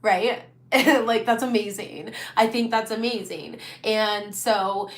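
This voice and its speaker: A woman's voice: mid-range voice, slow. Woman reading tarot cards, talky and upbeat, lots of fillers, roomy echoey sound. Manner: chatty, animated, many fillers. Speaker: tarot reader.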